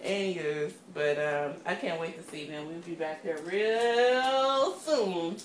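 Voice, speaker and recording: A woman co-hosting a podcast from her kitchen, telling stories in a casual, animated way, laughing often and swearing freely. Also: lowish voice, slow pace, echoey room, far from the mic, heavy background noise. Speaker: podcast co-host. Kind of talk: casual storytelling chat. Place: home kitchen.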